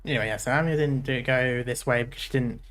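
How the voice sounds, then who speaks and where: Low-voiced woman chatting over a game. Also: fast. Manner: chatty, reads lines aloud then comments with asides. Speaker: game streamer. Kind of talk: casual commentary and reading game text aloud.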